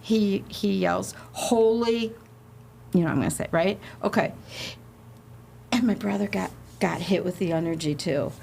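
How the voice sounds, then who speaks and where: Animated woman with a gravelly edge. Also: fairly low pitch, normal speed, slight background noise. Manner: animated, laughing, acts out quotes. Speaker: guest, haunted inn representative. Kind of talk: casual storytelling chat.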